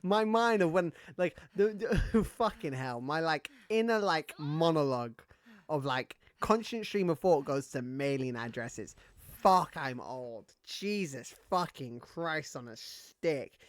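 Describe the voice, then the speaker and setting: A man's voice: fairly high pitch, expressive, slow pace. A man streaming a video game, chatting casually in a rambling way, full of fillers and swearing. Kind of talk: casual gaming stream chat.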